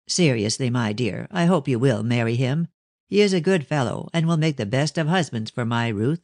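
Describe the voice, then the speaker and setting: A man voicing a stern, guarded older Victorian father who speaks in a measured, ironic way in an audiobook. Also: mid-range voice, expressive, a little mellow, dry recording, natural voice. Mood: fond. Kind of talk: audiobook reading of a novel.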